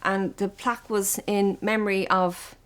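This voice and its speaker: A woman's voice: mid-range voice, a little slow, clear, resonant tone. An Irish woman who teaches farm safety, talking in interviews and to schoolchildren with lots of questions. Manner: lively, talks to children with questions. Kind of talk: documentary interview and classroom talk.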